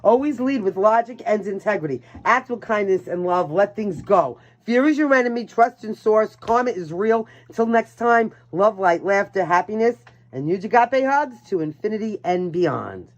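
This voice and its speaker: A muffled recording of a woman with a mid-range, expressive voice speaking at normal speed with few pauses. She's from Brooklyn, New York, has a Brooklyn accent, and hosts a casual tarot live stream in a chatty, brash manner, swearing and laughing at her own jokes.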